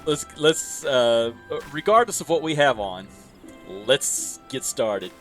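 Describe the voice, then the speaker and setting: A man's voice: mid-range voice, expressive, takes it slowly. A man co-hosting a game stream, chatting casually, teasing his partner and laughing often. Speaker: streamer and co-host. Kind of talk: casual gaming chat. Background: video game music.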